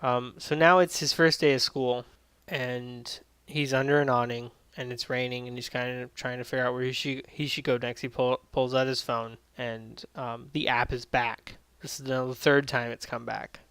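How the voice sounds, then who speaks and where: A man's voice: mid-range voice, flat delivery, moderate pace, a bit bright, clear, resonant tone, no room sound. Casual, foul-mouthed man recapping an episode. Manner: loose, rambling, swears freely, lots of fillers. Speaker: anime reviewer.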